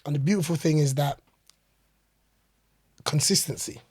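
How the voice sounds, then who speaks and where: A young man talks in a husky, slightly high voice, earnest and reflective, often pausing on fillers. The sound is dry and close. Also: darkish tone, dry recording. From England. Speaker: podcast guest. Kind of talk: casual podcast interview.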